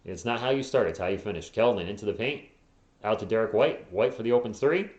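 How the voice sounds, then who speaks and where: A hoarse man hosting a live fan play-by-play stream, calling plays quickly and tossing in joking asides and replies to viewers. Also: fairly low pitch, lively intonation, a little mellow, echoey room, muffled recording. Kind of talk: casual live play-by-play commentary.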